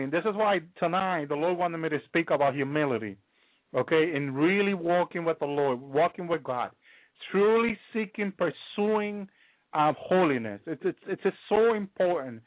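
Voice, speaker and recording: A man preaching a live testimony, halting and restarting often and peppering his talk with hallelujah. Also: a little high, dry recording. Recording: tinny phone-line sound, dry.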